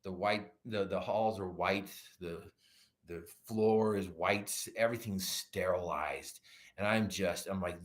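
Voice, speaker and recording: A man's voice: low voice, unhurried. A middle-aged man who is a guest on a podcast, telling a personal story with animation and acting out his own quoted lines.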